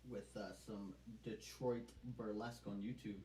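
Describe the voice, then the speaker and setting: A co-host reads viewer messages aloud on a live stream, pausing often on fillers. The tone is dark and mellow. It is picked up from across an echoey room, with a faint hiss underneath. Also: mid-range voice, steady tone. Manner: halting, filler-heavy reading. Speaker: co-host reading chat messages. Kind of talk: casual live-stream chat. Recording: distant roomy mic with faint hiss.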